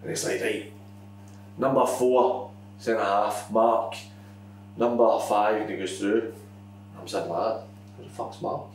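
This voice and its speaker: A man's voice: fairly low pitch, steady tone, a little slow, long pauses, darkish tone. A man telling a hesitant, laughing anecdote in casual chat. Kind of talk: casual podcast storytelling. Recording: echoey room, distant mic, faint hum.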